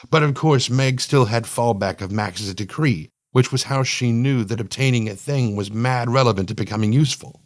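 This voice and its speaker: A man narrating a first-person science-fiction story in a playful, slangy, animated way. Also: medium pitch, dry recording, studio quality.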